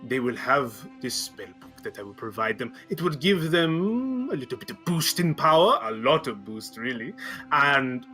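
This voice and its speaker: A man voicing Wakanga, a smooth, scheming male merchant prince who persuades with stilted phrasing. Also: medium pitch, sing-song, moderate pace, pushed and bright, faint music behind. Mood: persuasive.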